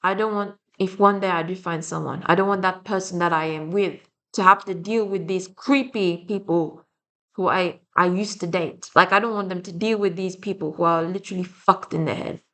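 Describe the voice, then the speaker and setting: Blunt ranting young woman, low voice. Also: fairly even intonation, moderate pace, a bit bright. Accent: French and Slavic. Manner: rambling and blunt, swearing often. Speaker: vlogger. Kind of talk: casual rant to camera.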